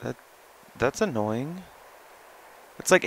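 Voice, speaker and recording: Young male gamer, slow, goofy, swears a lot, bursts into high yelling; gravelly, bright tone. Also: expressive, a little hiss or hum, low-quality recording. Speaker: gameplay commentator. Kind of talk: casual let's-play commentary.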